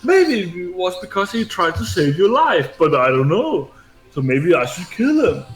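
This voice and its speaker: A man's voice: high voice, very animated, a little slow. Profane, rambling gamer man in echoey room. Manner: rambling, profane storytelling full of fillers. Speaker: gaming streamer. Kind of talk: casual gaming chat. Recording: echoey room with faint game music.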